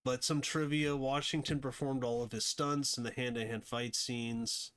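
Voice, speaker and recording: A man's voice: mid-range voice, steady tone, moderate pace, fairly bright tone, clean tone. A man hosting a casual movie review, rambling with many fillers and restarts. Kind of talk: casual unscripted commentary.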